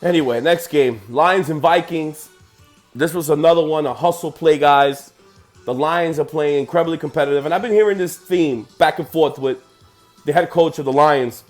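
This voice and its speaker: A man's voice: fairly high pitch, normal speed, faint music behind. A man hosting a sports podcast, ranting heatedly and profanely about football results.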